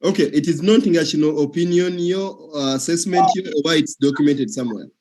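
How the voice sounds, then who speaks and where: A man's voice: fairly high pitch, brisk, a little mellow. A man hosting the talk, questioning his guest in a teasing, playful way. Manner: questioning, teasing, laughs often. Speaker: host. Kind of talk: casual interview chat.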